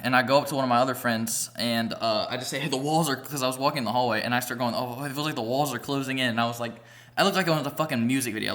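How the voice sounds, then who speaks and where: A young adult vlogger rambles through a story, speaking casually and profanely and stacking up filler words along the way. His mid-range voice comes across bright and pushed forward.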